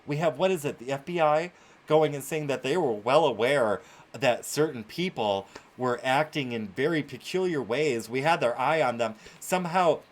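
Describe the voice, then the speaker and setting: A man's voice: medium pitch, normal speed. A male host ranting through live-streamed commentary, exasperated and swearing freely.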